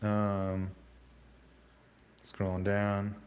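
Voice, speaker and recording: A man hosting a casual livestream, reading out chat comments in a rambling, halting way with many fillers and restarts. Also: on the low side, completely flat delivery, darkish tone.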